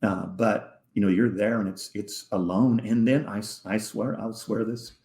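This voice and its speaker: Gravelly-voiced man telling a heartfelt story. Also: fairly low pitch, steady tone, a little mellow. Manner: halting, repeats words, drops to near-whisper. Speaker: podcast guest. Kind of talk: emotional personal storytelling in a podcast interview. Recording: echoey room.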